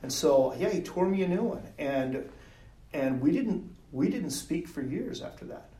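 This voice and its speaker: Middle-aged male guest, lively storyteller, slightly raised pitch, roomy distant recording. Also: measured pace. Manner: animated storyteller, acts out quotes, laughs often. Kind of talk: storytelling in a podcast interview. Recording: roomy sound from off mic.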